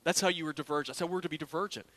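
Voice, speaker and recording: A man's voice: fairly high pitch, steady tone, racing, sharp tone. A man preaching a sermon in an earnest, conversational way, often repeating words as he builds a point. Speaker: pastor.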